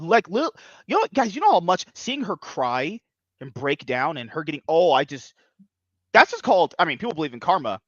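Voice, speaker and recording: A man's voice: a little high, very animated, normal speed, fairly bright tone, no echo, dull audio. A man hosting a podcast in casual chat, rambling and provocative, often breaking into laughter. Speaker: podcast host.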